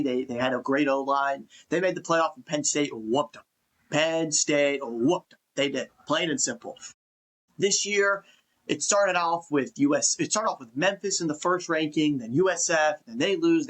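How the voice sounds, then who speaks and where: A man hosts a casual sports talk show with a fairly high, husky voice. He rants in an exasperated, swearing, conversational way. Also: a bit bright. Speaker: podcast host.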